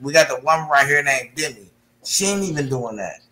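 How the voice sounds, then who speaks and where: A man's voice: a little high, animated, normal speed, pushed and bright, reverberant. A man arguing on an online panel, confrontational and profane, over a call mic. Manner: confrontational, profane street slang. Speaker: panel participant. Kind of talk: heated online panel argument.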